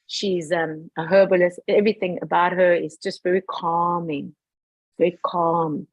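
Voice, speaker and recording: A woman telling a personal family story in casual chat, animated and acting out the quoted dialogue. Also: fairly low pitch, a little slow, no echo, poor audio.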